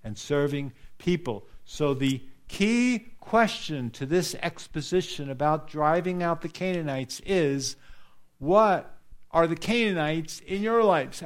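A man's voice: on the high side, expressive, a little slow. A man preaching a sermon to a congregation, earnest and direct, repeating key phrases for emphasis and putting questions to his listeners. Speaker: pastor.

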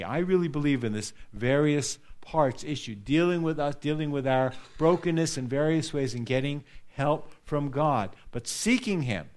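Earnest male preacher, slightly high voice. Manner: earnest, repeats phrases for emphasis; addresses a congregation directly with questions. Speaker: pastor. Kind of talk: sermon.

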